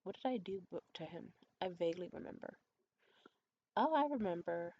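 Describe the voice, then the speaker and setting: A woman's voice: expressive, moderate pace, husky, dull audio. A young adult woman vlogger telling a candid, profane story in a conspiratorial way. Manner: acts out quoted voices high and loud. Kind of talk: storytime vlog.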